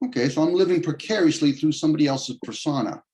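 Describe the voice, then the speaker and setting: Man, rambling talk, fairly high voice, pitch jumps for emphasis, video call. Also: fast talker, mellow. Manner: rambling, argumentative, shifts pitch often for emphasis and quoted voices.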